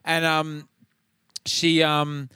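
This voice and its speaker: A man's voice: a little high, monotone, very slow, pushed and bright, smooth, dry recording, studio quality. An Australian man co-hosting a podcast, telling rambling, sweary anecdotes in casual chat. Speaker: podcast co-host.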